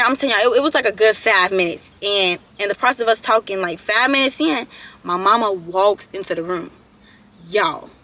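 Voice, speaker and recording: A woman's voice: mid-range voice, bright, forceful tone. A young woman in her late teens telling a personal story to her viewers in a chatty storytime vlog, often calling them y'all and repeating herself. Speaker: vlogger.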